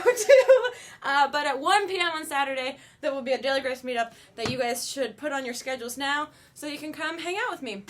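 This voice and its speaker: Female web-show host, high and bright, goofy self-deprecating studio chatter. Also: slight background noise. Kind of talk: casual live-stream chat.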